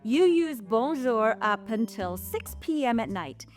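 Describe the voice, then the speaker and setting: A woman's voice: animated, measured pace, faint music behind. A middle-aged woman from Canada, teaching travel phrases in a playful, casual chat. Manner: playful, raises pitch when speaking French. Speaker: travel vlogger.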